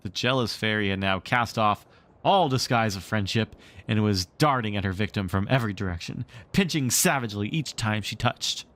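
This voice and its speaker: A man reading a storybook aloud on a stream and chatting casually, animated and playful. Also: fairly low pitch, normal speed. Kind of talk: read-aloud narration and casual stream chat.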